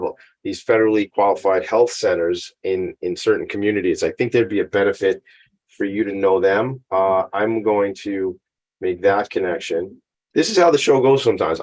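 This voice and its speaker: New radio guy, kinda low voice, chatty and jokey, talking off the cuff. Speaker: radio show host. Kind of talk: casual talk radio interview. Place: home attic studio.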